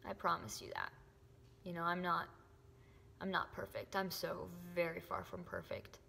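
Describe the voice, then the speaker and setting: A young woman gives an earnest, emotional faith testimony to camera, often dropping to a soft whisper. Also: fairly low pitch, very animated, normal speed, vocal fry, faint music behind. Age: young adult. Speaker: faith vlogger. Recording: echoey room with long reverb.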